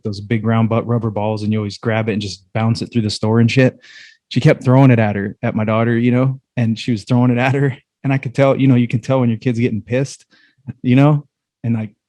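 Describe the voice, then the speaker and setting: A man's voice: medium pitch, mellow, no echo. A man co-hosting a podcast, chatting in a laid-back way, agreeing readily and telling stories with casual swearing. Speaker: podcast co-host. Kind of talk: casual chat.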